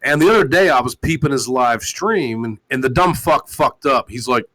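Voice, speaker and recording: This talk show host runs a profane call-in live stream, speaking animatedly at a moderate pace with few pauses. The recording is rough, and his delivery is loud, crude and mocking, full of swearing and wide pitch swings.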